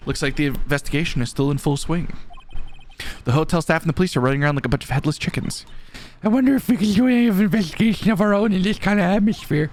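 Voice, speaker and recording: A man's voice: a little high, fast. A man reading and voicing a game aloud with wry asides. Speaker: let's play voice actor. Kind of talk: voiced game playthrough with banter.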